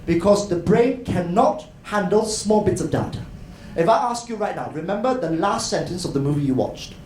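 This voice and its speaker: A man giving an animated educational talk at a conference, often addressing the crowd as ladies and gentlemen. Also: high-pitched, normal speed. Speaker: conference speaker. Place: hotel conference hall. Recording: echoey hall, faint noise.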